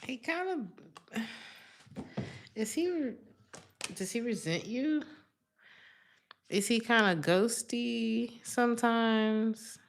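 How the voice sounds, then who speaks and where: A woman's voice: on the high side, extremely slow, pauses often, slight background noise. A woman giving a live-streamed tarot reading in a casual, chatty way, calling the viewer honey. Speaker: tarot reader.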